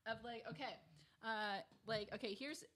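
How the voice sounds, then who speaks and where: A woman's voice: fairly high pitch, moderate pace, noisy background. A young woman co-hosting a casual reaction livestream, joking and laughing often. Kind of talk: casual chat.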